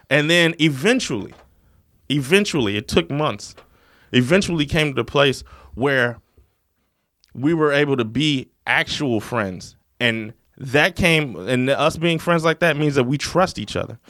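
A man's voice: fairly high pitch, animated, unhurried, fairly bright tone, no room sound, studio quality. A man in casual conversation, talking bluntly and emphatically with frequent swearing. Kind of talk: casual chat.

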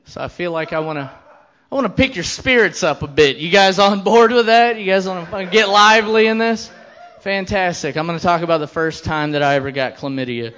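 A man's voice: high voice, brisk, a bit bright, clean tone, muffled recording. A man in his thirties doing a stand-up comedy set, telling a crude story with brash, profane delivery and quoted voices.

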